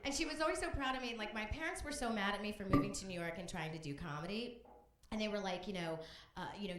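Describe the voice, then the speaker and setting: A woman's voice: medium pitch, quick pace, noisy background. A woman comedian from Texas doing a conversational stand-up set, bantering with the crowd on a club stage. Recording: echoey live club room.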